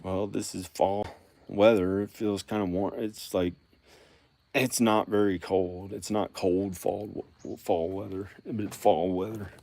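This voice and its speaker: A man in his forties with a somewhat low voice. He talks in a loose, rambling way, circling back over the same phrases and restarting his sentences as he goes. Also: fairly even intonation, unhurried, vocal fry, mellow. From American South. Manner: meandering, repeats phrases and restarts often. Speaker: vlogger. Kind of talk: rambling casual vlog monologue.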